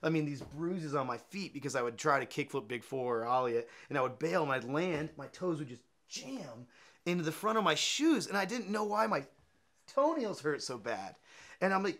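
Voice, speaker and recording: A man telling a story in an interview, animated and loose, with casual swearing and laughter. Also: on the high side, fairly quick. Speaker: interviewee, skateboarder.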